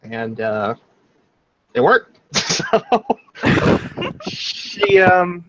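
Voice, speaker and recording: A man's voice: fairly high pitch, big pitch swings, drawn-out words, fairly bright tone, lo-fi sound. A man playing a tabletop role-playing game, describing his character's actions in a casual, rambling way with frequent swearing. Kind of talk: tabletop role-play narration.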